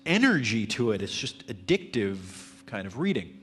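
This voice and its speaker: A man teaching marketing at a live seminar, answering audience questions in a fairly even, self-described monotone manner. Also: medium pitch, moderate pace, a little hiss or hum. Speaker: marketing instructor.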